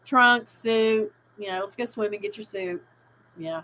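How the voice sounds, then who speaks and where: A woman's voice: mid-range voice, steady tone, unhurried, sharp tone, low-quality recording. A middle-aged woman hosting a casual live stream, rambling and reading out viewers' chat comments with easy laughter. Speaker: livestream host.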